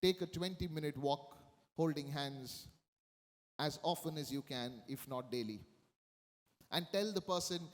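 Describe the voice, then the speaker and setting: Man, sermon, high pitch, emphatic, reverberant hall. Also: normal speed, a bit bright. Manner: emphatic, repeats key phrases, acts out quoted lines. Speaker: priest.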